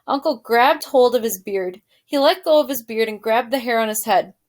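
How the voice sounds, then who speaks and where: Woman, teacher, reading aloud to a class, expressive, asks questions, fairly high voice. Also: normal speed. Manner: expressive narration with questions to students.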